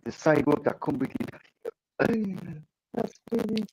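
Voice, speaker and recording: A man's voice: a little high, expressive, unhurried, darkish tone, husky, rough recording. A man with a French accent, a chef co-hosting a casual cooking chat, talking loosely with lots of fillers. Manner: chatty, explains steps plainly with many fillers. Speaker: chef and co-host.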